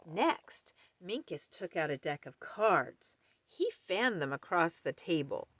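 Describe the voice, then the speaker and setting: A woman reading a children's picture book aloud, slow and expressive. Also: fairly low pitch, no echo. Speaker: storyteller.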